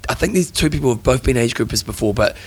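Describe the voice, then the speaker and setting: A man's voice: mid-range voice, expressive, fast, slightly rough. A man with a New Zealand accent co-hosting a podcast, jokey and bantering in casual chat. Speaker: podcast co-host.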